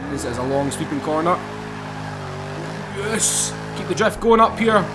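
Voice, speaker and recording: Excitable high-voiced man commentating gameplay. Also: fast talker, heavy background noise. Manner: excitable, laughing, exclamatory. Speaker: gaming YouTuber.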